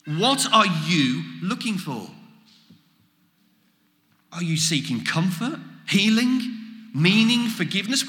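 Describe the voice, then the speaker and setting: Animated preacher in an echoey hall. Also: male voice, high-pitched, a little slow. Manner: animated, acts out quoted exchanges. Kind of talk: sermon. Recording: echoey hall with long reverb.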